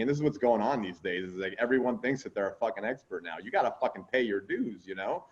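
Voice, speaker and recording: In a lowish voice with lively intonation, a man talks fast as he hosts his podcast; he's also a strongman coach. The casual chat wanders, filled with fillers and cursing, and the dull lo-fi recording carries slight background noise.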